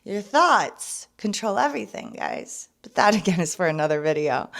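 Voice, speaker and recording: A young woman hosting a podcast, speaking candidly and earnestly about her own past, turning soft and emotional at moments and emphatic at others. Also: medium pitch, sing-song, normal speed, gravelly, few pauses. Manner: earnest and confessional, swinging between soft and emphatic. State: emotional, near tears at times. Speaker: podcast host. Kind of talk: casual personal testimony.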